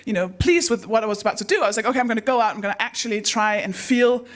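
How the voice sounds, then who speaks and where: A woman hosting a live comedy night on stage, telling self-deprecating stories in a deadpan way. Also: on the high side, racing. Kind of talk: stand-up comedy.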